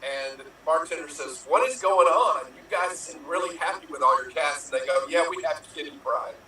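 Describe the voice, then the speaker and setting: This is a man telling quick improv jokes with a very bright, sharp voice. He is heard from far off in a very echoey room with faint noise behind him, and he laughs at his own setups. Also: fairly high pitch, steady tone. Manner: playful, laughs at own jokes, acts out punchlines. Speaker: improv player. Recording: roomy echo from far off.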